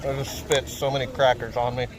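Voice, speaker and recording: A man casually livestreaming from a protest outdoors, joking and swearing as he chats, on a phone mic with loud wind noise. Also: mid-range voice, flat delivery, brisk. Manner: joking, profane, chatty. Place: outdoors at a protest, windy and cold.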